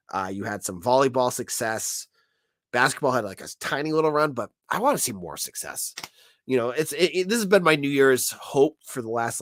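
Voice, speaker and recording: A man's voice: mid-range voice, no echo, clean studio sound. A man hosting a sports podcast with a sick, nasal voice, chatting casually and often restarting his sentences. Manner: lively, restarts often, speaks straight to the audience. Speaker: podcast host.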